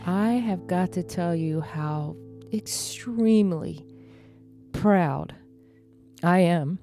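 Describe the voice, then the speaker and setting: A woman teaches piano at a slow, patient pace, counting beats and calling out pedal changes. Her voice sits over loud piano music. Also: fairly low pitch. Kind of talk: piano lesson instruction. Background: piano playing.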